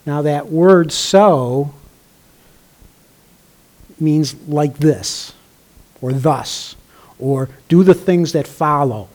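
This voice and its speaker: An older male pastor preaching in a loose, conversational way, often pausing to clear his throat. His voice sits a little high for a man, and he leans on easy fillers as he talks to his congregation. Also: darkish tone. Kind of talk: sermon.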